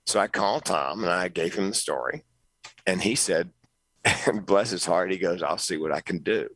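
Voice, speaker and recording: Man, deep low voice, middle-aged, animated storyteller, dry close sound. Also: normal speed, no echo, rough recording. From North Carolina, US. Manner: animated storyteller, jumps up in pitch for quoted voices. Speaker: podcast guest, comedian. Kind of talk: storytelling interview.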